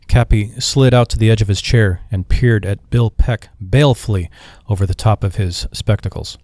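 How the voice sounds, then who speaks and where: A man reading an audiobook in measured, expressive narration. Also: on the low side, no echo, studio quality. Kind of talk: scripted narration.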